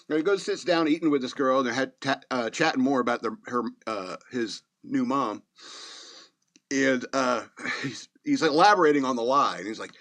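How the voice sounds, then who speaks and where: A man's voice: mid-range voice, brisk, fairly bright tone. Rambling middle-aged male podcast host. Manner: rambling, chuckling, many fillers. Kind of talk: casual storytelling monologue.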